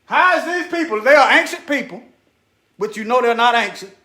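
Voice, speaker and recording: High, bright-voiced man in an echoey room. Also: animated, fairly quick. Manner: repeats phrases for emphasis, talks directly to viewers; muttering asides while searching on screen. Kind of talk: preachy screen-share commentary.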